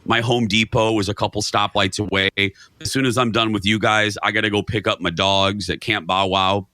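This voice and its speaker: Male talk-show guest, lively and bright, spins an anecdote and plays out his reactions on a dry studio mic. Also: on the low side, moderate pace, dry recording. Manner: animated storyteller, acts out his own reactions. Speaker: guest, radio and TV host. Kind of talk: casual chat, storytelling.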